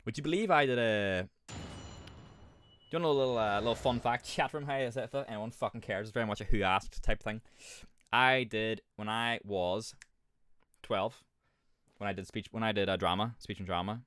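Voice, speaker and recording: Rambling, swearing Irish streamer. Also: male voice, lowish voice, steady tone, normal speed, a bit bright, dry recording. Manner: rambling, swears often, laughs at himself. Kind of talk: casual gaming chat.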